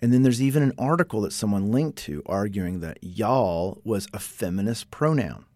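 A man's voice: lowish voice, lively intonation, normal speed, darkish tone, no room sound. A man hosting a casual explanatory talk, chatty, reading quotes aloud and breaking off for his own asides. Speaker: podcast host.

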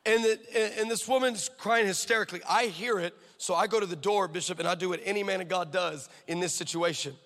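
A male pastor preaches with a high, bright, ringing voice and lively storytelling. He swings from loud declarations to hushed asides, and the sound carries a long hall echo. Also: fast, few pauses. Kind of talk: sermon.

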